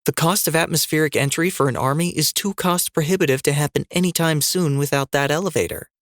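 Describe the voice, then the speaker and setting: A man's voice: fairly high pitch, fast talker, a bit bright, dry recording, clean studio sound, pitched above the performer's own voice, lightly acted. A man voicing a defiant, fierce woman rebel leader in an audiobook reading, cutting and sarcastic in tone.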